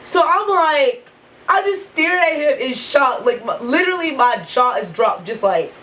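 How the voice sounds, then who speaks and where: High-voiced, profane storytelling woman. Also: unhurried, a little hiss or hum, low-quality recording. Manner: animated, profane, heavy use of "like". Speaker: vlogger. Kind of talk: storytime vlog.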